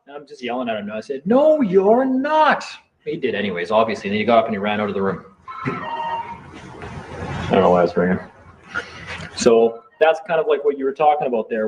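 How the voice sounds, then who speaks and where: Man, mid-pitch, heated and defiant in casual late-night chat, dull lo-fi audio with faint hiss. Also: a little fast, long pauses, a little mellow. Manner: heated, defiant storytelling with swearing. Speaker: live stream participant. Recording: dull lo-fi sound with faint noise.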